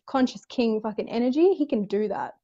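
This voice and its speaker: Casting note: higher-voiced earnest woman host, casual swearing, dull lo-fi audio. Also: lively intonation, brisk, dark tone. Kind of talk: casual spiritual chat.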